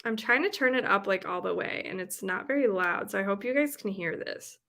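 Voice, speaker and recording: Bright, chatty young woman. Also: mid-range voice, animated, fairly quick. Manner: chatty, giggly, lots of "like" fillers. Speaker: livestream host. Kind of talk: casual live chat.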